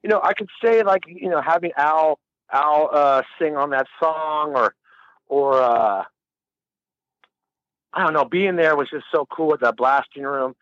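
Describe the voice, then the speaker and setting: High-voiced man rambling through a story. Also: measured pace, no echo, dull audio. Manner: rambling, laughing, swearing freely. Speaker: musician guest. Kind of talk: casual storytelling interview.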